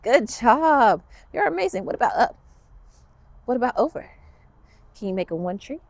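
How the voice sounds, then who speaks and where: A woman's voice: a little high, expressive, normal speed, no echo. A woman teaching a children's yoga class, guiding poses with upbeat, playful encouragement while moving along. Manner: talks along as she moves through poses.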